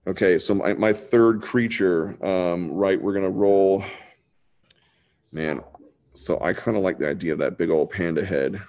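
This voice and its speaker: A man's voice: low-pitched, measured pace, a little mellow. A man teaching a casual live online drawing lesson, laid-back and chatty, talking like a buddy. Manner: laid-back and chatty, says dude a lot. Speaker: drawing instructor.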